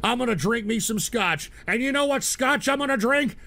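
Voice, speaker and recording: A man hosting a live stream show, exasperated and profane, ranting and breaking into shouting outbursts. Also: very high-pitched, expressive, normal speed, gravelly, no echo. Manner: profane and comedic. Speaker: livestream show host.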